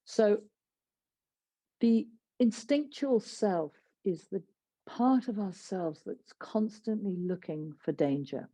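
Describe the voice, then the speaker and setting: A woman teaching a yoga class as a therapist, calmly guiding breathing and body locks, sometimes dropping to a soft whisper. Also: medium pitch, dry recording. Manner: slow, soothing instructions, drops to soft whispers.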